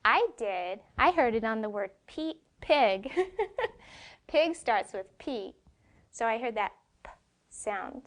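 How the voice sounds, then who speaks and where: A woman teaches phonics to young children in a slow, drawn-out way. Her voice sits a little high. She keeps checking in with her listeners through questions. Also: expressive.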